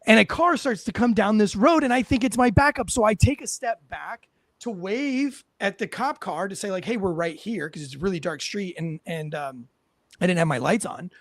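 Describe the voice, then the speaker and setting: A former police officer telling a story in casual chat, animated and profane, acting out what people said. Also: male voice, sits high, normal speed, no echo. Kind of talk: casual storytelling on a talk show.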